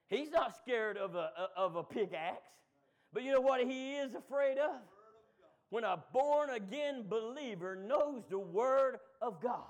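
High-voiced preacher man building to shouts. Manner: builds from low, quick asides to loud shouted call-and-response. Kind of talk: sermon.

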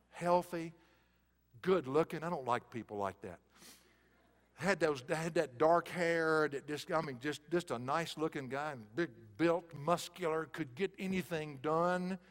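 A man preaching a sermon with a fairly high voice, dropping to near-whispers and then rising to loud, forceful bursts. His voice rings with the long reverb of a big auditorium. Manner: swings from hushed, soft passages to loud, emphatic bursts.

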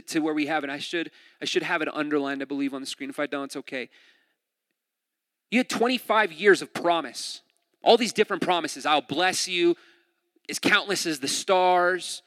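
A man preaching a sermon in a lively, conversational way, retelling a scripture story with asides and jokes. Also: fairly high pitch. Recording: long hall reverb.

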